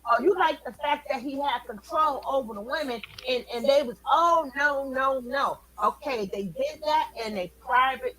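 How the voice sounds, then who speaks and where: Fired-up woman ranting on her commentary channel, high pitched, loud and cussing. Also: a little hiss or hum, low-quality recording. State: angry, worked up. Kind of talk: heated reaction commentary.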